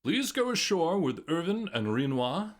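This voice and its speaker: A man's voice: a little high, very animated, unhurried, pitched above the performer's own voice. A man voicing an older male academy headmaster, speaking in a vaguely New England, Churchill-like oratorical manner. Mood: earnest, commanding.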